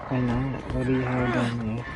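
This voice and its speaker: A man's voice: medium pitch, monotone, normal speed, heavy background noise. A man chatting casually as he streams a video game, rambling and laughing often. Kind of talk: casual gameplay commentary.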